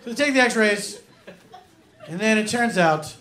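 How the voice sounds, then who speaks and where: High, lively stand-up comedian in a club. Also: male voice, slow pace, pauses often, a faint crowd. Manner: animated, acts out indignant voices. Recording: echoey live room with audience noise.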